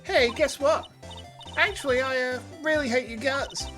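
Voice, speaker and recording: Game role: man playing a high, sneering young woman witness. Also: measured pace, pushed and bright, faint music behind, heavily acted. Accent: English. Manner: sneering, mocking.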